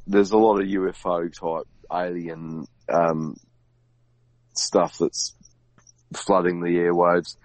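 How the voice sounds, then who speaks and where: Male guest, very low pitch, rambling and halting, dry close mic. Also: darkish tone, no echo, low-quality recording. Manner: rambling, halting, many restarts and fillers. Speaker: podcast guest. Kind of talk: casual conversation.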